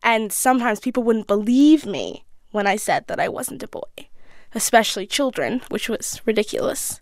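A sixteen-year-old girl answering interview questions candidly, thoughtful and a little halting, with restarts. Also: fairly high pitch, lively intonation, dry recording, studio quality. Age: teens. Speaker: interview guest.

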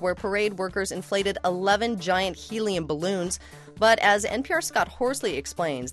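A woman anchoring a radio newscast in a measured, clear delivery. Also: on the low side. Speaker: news anchor. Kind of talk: newscast reading and banter.

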